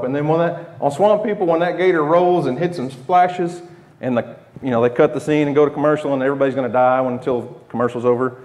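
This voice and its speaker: Medium in pitch and a touch mellow, the voice belongs to a thirtysomething homesteading channel host from the United States with an Oklahoma accent. He chuckles and restarts as he tells the camera a loose, meandering story.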